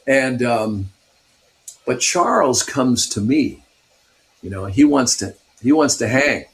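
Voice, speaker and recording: A man's voice: medium pitch, expressive, slow pace. A man in his sixties from Pasadena, California, a guest guitarist animatedly telling stories in a radio interview and laughing often.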